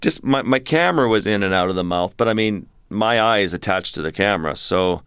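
Deep-voiced man telling a vivid story. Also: a little fast, smooth, dry recording, clean studio sound. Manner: vivid, animated storytelling with restarts. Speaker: wildlife photographer guest. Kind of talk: storytelling in an interview.

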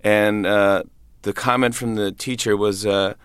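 A man's voice: on the low side, steady tone, a little slow, fairly bright tone, clear, resonant tone, no echo, studio quality. A man in his thirties, a comedian, chatting in an interview, laughing often and acting out voices in his stories. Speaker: comedian and guest. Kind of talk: interview conversation.

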